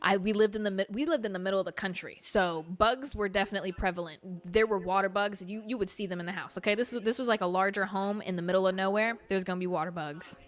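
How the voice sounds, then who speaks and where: A young woman hosting a casual livestream, telling stories in an animated, chatty way full of fillers and swearing. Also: mid-range voice, quick pace, few pauses, faint music behind. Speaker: livestream host.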